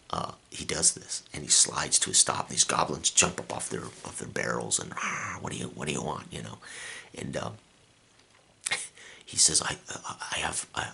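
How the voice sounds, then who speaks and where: A man with a very deep, gravelly voice, recapping a tabletop game session as game master in a rambling way, with many fillers and restarts. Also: sharp tone.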